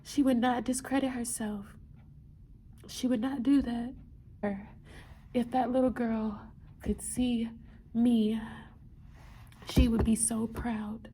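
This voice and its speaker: A young woman talks earnestly to her viewers in a heartfelt vlog, repeating key phrases and at times sinking into a near whisper. Her voice is mellow and slightly high. A faint noise sits under the recording. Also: flat delivery, takes it slowly, long pauses. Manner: earnest and repetitive, slips into soft whispers. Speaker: vlogger, medical student. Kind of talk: heartfelt motivational vlog talk.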